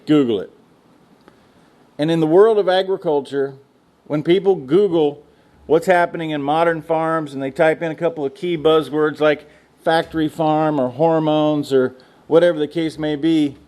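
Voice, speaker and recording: A man's voice: fairly high pitch, fairly even intonation, normal speed, a little mellow. Folksy middle-aged man telling farm stories. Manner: folksy, joking storyteller. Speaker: guest speaker. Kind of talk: storytelling talk to students. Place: lecture room.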